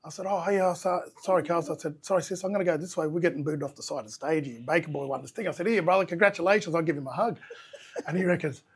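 A man's voice: on the high side, fast talker, slightly rough. An Australian man, a musician guest, telling his story animatedly and acting out what people said. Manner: animated storyteller, acts out quotes. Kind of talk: storytelling interview chat.

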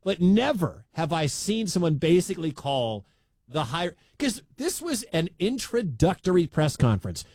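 A man's voice: fairly high pitch, normal speed, no echo. A male sports radio host talks through the news in a loose, rambling way, his voice rising and falling a lot. The sound is dry and close. He's from the American Midwest and chuckles along as he goes. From Midwestern United States. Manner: animated, rambling, laughs at the story. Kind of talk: casual talk radio commentary.

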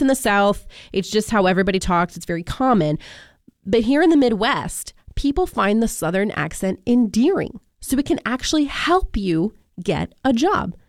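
A woman's voice: on the high side, no echo, clean studio sound. A woman from coastal Virginia who works as a radio DJ and chats casually on air. She laughs easily and uses a lot of "like" fillers. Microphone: studio microphone.

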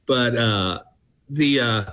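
A man's voice: mid-range voice, slow, pushed and bright. An older man in his sixties, a comedian, telling laid-back stories and poking fun at himself. He speaks casually and unhurriedly and chuckles between lines. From Texas. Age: 60s. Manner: folksy, self-deprecating, chuckles between lines. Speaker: comedian guest. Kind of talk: casual phone interview storytelling.

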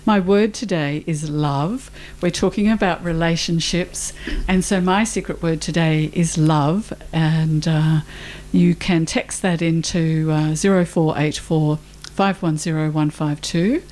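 Woman radio host, slightly low voice, relaxed unhurried studio chat. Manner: unhurried, many filler pauses. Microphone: studio microphone.

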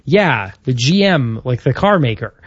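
A man's voice: mid-range voice, sing-song, a little slow, husky, no room sound, muffled recording. A man co-hosting a casual chat, telling history from his notes. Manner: storytelling, reading out history notes. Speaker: podcast co-host.

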